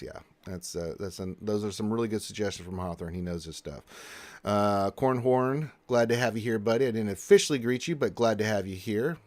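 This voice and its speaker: A man's voice: medium pitch, normal speed. A man hosting a casual gaming livestream, reading out chat messages in a chatty way, with frequent laughs and fillers. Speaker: livestream host.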